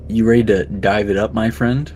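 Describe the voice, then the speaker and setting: A man's voice: fairly low pitch, fairly even intonation, normal speed, a little mellow. A man chatting and teasing his friends casually during a stream. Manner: joking, teasing banter. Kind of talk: casual chat.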